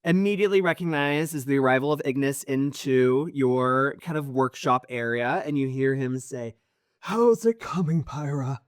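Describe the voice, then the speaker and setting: A man running a tabletop game as game master. He narrates scenes in a measured, descriptive way, with a mid-pitched voice and a dry, close sound. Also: clean tone, no echo.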